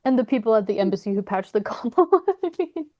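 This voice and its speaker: A woman's voice: fairly high pitch, animated, brisk, mellow, dry recording, muffled recording. A young woman co-hosting a casual chat, reacting to a film recap and laughing often.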